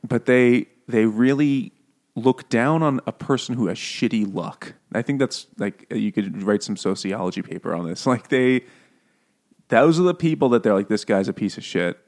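A man's voice: medium pitch, expressive, normal speed, a little mellow. Laughing, swearing man in casual chat. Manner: laughing often, swearing, mimicking characters in goofy voices. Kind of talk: casual chat about a book and film.

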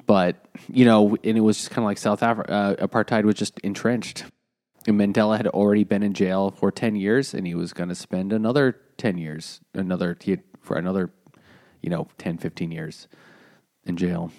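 Male co-host, lowish voice, casual halting book chat. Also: fairly even intonation, darkish tone. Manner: halting, rambling with restarts. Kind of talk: casual chat over beers.

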